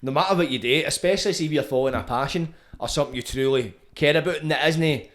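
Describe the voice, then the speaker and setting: A man's voice: fairly high pitch, fast talker. A man hosting a podcast, chatting casually and asking probing questions. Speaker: podcast host.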